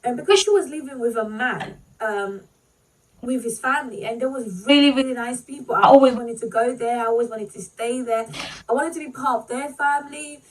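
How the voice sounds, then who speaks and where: A woman vlogger telling a painful personal story, halting and full of "like" and "you know", fighting back tears. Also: on the high side, recorded from a distance, rough recording.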